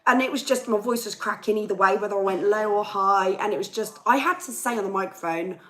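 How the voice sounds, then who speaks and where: A woman's voice: medium pitch, fast talker, fairly bright tone, poor audio. A young woman hosting a casual livestream and ranting to viewers, her voice chesty and worn. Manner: chatty, ranting, reads viewer comments aloud. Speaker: livestream host and singer. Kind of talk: casual live chat with viewers.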